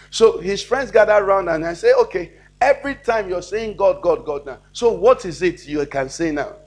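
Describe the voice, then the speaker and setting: A man, preaching a sermon as pastor, asking the congregation questions and acting out dialogue. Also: high voice.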